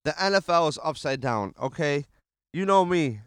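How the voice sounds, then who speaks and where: Profane, excitable man ranting about football. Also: fairly high pitch, normal speed, clear, resonant tone, no echo, studio quality. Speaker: podcast host. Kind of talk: casual sports podcast rant. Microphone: handheld mic.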